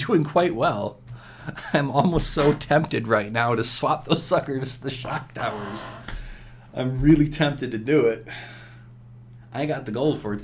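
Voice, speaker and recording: A man's voice: mid-range voice, slight background noise. A man giving casual gameplay commentary, rambling and scolding himself aloud with chuckles.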